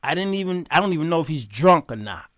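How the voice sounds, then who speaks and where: A middle-aged man hosting his show, telling stories in a preachy, animated sermon style and quoting God in a stern voice. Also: fairly high pitch, quick pace, no room sound. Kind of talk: sermon-like storytelling monologue.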